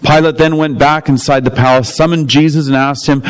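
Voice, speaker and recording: A man reading a Bible passage aloud, steady and clear. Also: fairly high pitch, fairly quick, rough recording. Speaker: scripture reader.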